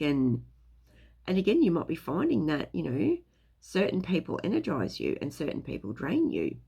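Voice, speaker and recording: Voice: medium pitch, huge pitch swings, normal speed, creaky, warm tone, slightly rough. A speaker giving a casual, rambling talk on spiritual topics, full of fillers and loose swearing. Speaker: spiritual teacher.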